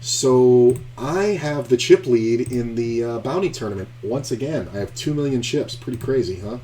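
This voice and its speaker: A man's voice: medium pitch, moderate pace, slight background noise. A man streaming online poker, chatting casually, telling a story and cursing at opponents on screen. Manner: profane, animated storyteller, trash-talking at the screen.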